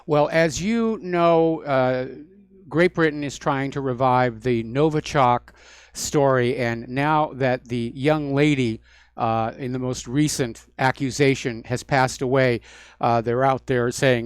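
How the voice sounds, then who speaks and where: A man's voice: mid-range voice, slow, smooth, no echo, clean studio sound. A man hosting a talk radio show, delivering solo commentary in a sardonic, mocking manner. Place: radio studio.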